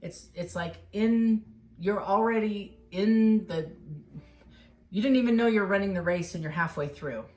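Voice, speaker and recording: A woman's voice: mid-range voice, a little slow, darkish tone. A woman giving a casual tarot reading, talking straight to the viewer in an encouraging, emotional way. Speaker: tarot reader.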